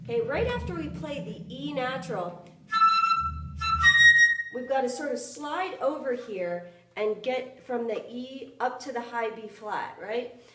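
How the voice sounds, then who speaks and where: A woman's voice: high voice, lively intonation, measured pace, soft background music. A woman flute instructor giving a lesson, counting beats aloud and singing articulation syllables. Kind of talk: music lesson, counting and demonstrating. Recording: echoey room, voice from a distance. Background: flute playing.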